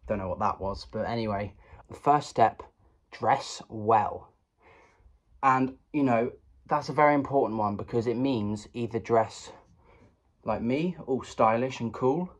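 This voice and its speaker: A young British man hosting a comedy tutorial vlog at home, rambling and self-mocking with deadpan asides. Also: medium pitch, moderate pace. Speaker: comedy vlogger.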